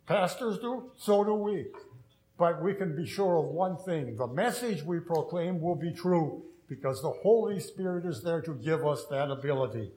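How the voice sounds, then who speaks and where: A man's voice: a little high, expressive, normal speed, dark tone, reverberant, poor audio. A man who is a pastor, preaching an earnest sermon with storytelling and self-deprecating humor.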